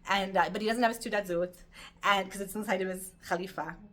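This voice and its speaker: Bright-voiced middle-aged woman teaching. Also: mid-range voice, fast talker. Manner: animated storytelling, lively and chatty. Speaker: Torah teacher. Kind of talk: informal Torah class.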